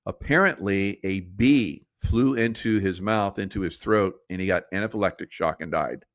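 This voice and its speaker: Rambling low-voiced man, dry sound. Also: normal speed, dry recording. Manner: rambling, conspiratorial, laughs often. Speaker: podcast host. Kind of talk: casual storytelling monologue.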